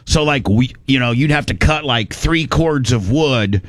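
A man's voice: medium pitch, a little slow, no echo. A middle-aged man from Indiana telling a long casual story, rambling with many restarts and salty words.

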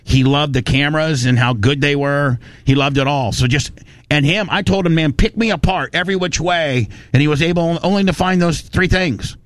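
A man hosting a talk radio show, telling a story in a lively, ranting way and swearing now and then, recorded in a studio. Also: on the high side, normal speed, dry recording. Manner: animated storytelling, ranting, profane. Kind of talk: casual studio chat.

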